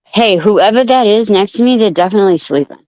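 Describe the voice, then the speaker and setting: A woman's voice: mid-range voice, lively intonation, fast, no echo, poor audio. A woman chatting casually on a live stream at home, swearing freely and laughing a lot between lines. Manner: profane, laughing a lot, yelling across the room. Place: home room with open window.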